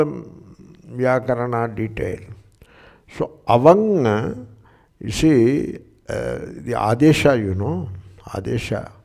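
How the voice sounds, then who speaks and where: An older man with an Indian English accent gives a patient, explanatory lecture, pausing to check that his listeners follow. His voice has a gravelly edge. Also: mid-range voice, darkish tone. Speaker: Sanskrit teacher. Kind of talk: lecture on scripture and grammar.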